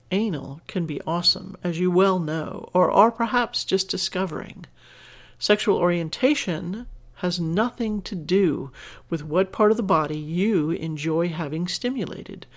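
Hosting a podcast, a woman with a fairly low pitch reads aloud a letter sent by a listener. She responds in an earnest, emotional way, teary at moments and laughing at others.

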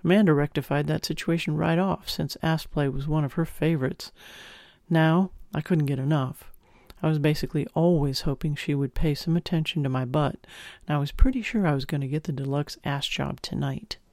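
Male audiobook narrator, first person, intimate and expressive, gravelly edge, dead-dry close mic. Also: fairly high pitch, fairly quick, dry recording.

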